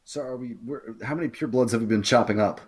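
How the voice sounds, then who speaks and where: A man playing a tabletop game, excitable and stammering, often laughing as he talks. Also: medium pitch, fast talker, husky. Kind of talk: casual tabletop play.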